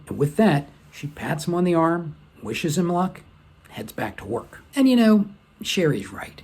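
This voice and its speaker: A man's voice: on the high side, big pitch swings, measured pace, a little mellow, slightly rough. A man presenting a training lesson as scripted, conversational storytelling.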